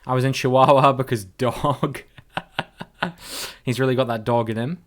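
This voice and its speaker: A man's voice: medium pitch, steady tone, fairly quick. A man giving chatty, playful live-stream commentary while playing a guessing game with his viewers, greeting them by name and swearing casually.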